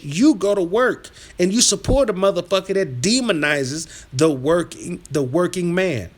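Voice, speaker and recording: A man hosting a live stream, reading chat aloud and trash-talking viewers in a combative, rambling rant that drops to mutters and rises to yelling. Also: animated, measured pace, few pauses. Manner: swings from low muttering to loud yelling. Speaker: livestream host reading chat.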